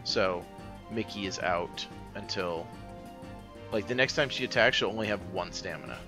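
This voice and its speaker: A man with a lowish voice gives casual let's-play commentary. He explains things in a rambling way, full of fillers and restarts. Game music plays clearly underneath. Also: normal speed. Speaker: let's player.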